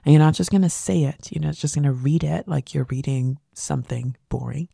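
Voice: mid-range voice, brisk, creaky, dark tone, no room sound, clean studio sound. A podcast host giving a motivational monologue, emphatic and repeating key phrases, sometimes dropping into a whisper for emphasis.

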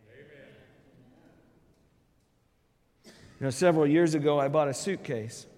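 A high-pitched male preacher delivering a sermon with strong emphasis. His voice rises into loud declarations and drops into quiet, low endings. The sound carries a long reverb from a large hall. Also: takes it slowly.

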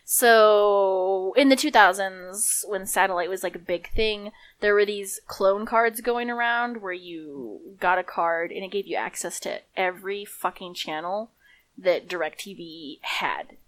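A woman's voice: mid-range voice, unhurried. A woman co-hosting a podcast, telling a story in a casual chat, swearing often and laughing a lot. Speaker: podcast co-host.

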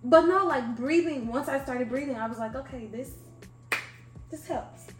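A woman hosting a podcast, talking casually in a rambling, animated way with lots of fillers. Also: sits high, moderate pace. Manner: rambling, animated, heavy use of "like". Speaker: podcast host. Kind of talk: casual interview chat. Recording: echoey room, faint music.

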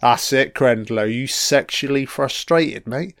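A man doing a casual, profane film commentary, heckling the characters on screen, his throat a little croaky from illness. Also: mid-range voice, unhurried, a bit bright, no room sound, clean studio sound. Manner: profane, talks back at the screen.

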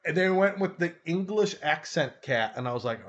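A man chatting casually on a streamed talk show, cursing freely as he tells a story. His voice is a little high and swoops around a lot. The audio is dull and lo-fi. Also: moderate pace. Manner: animated storytelling, profane, puts on silly British voices. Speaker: podcast co-host. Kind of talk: casual chat.

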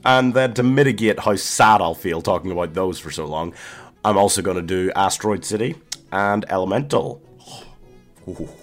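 A man's voice: low-pitched, normal speed, faint music behind. A man hosting a solo movie podcast, chatting casually and laughing often. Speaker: podcast host.

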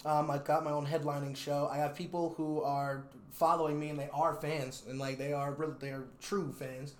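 A man's voice: a little high, flat delivery, moderate pace. A young man, a rapper, chatting loosely in an interview, cursing freely and laughing often. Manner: laid-back, loose and profane, laughs often. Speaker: rapper and videographer, interview guest. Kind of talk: casual interview chat. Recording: roomy echo.

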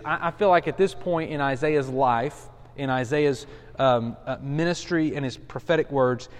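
A man in his forties, a pastor, teaching a Bible study in a casual, earnest way with frequent restarts and fillers. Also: fairly high pitch. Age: 40s. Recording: long hall reverb.

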